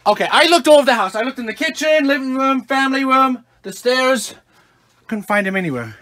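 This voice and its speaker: A man, a family channel dad, shouting in panic and short of breath during a staged comedy skit at home, filmed on a handheld phone. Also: very high voice, expressive, brisk. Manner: breathless, exclamatory. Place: home, indoors. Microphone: handheld phone camera.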